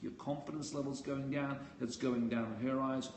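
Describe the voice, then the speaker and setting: A man's voice: mid-range voice, fairly even intonation, normal speed, a little mellow. Blunt man coaching, echoey room. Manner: blunt, casual, swears freely. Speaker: dating coach. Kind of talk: live-stream coaching talk. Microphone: phone live stream. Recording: echoey room with faint ambient noise.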